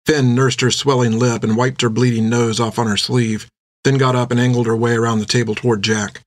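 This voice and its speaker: A man narrating an adventure audiobook with steady storytelling. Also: mid-range voice, a little fast, no echo, studio quality.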